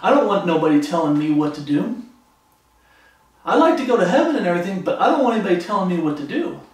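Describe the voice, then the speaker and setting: A man preaching a sermon, fervent and animated, acting out the voices of the people in his story. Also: high voice, fast. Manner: fervent, acts out quoted voices. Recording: echoey room from far off.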